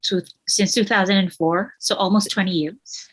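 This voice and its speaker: A shy woman co-host chats on a podcast in a calm, mid-pitched voice. She speaks plainly about her week. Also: moderate pace, poor audio. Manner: shy, self-described introvert. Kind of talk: casual podcast chat.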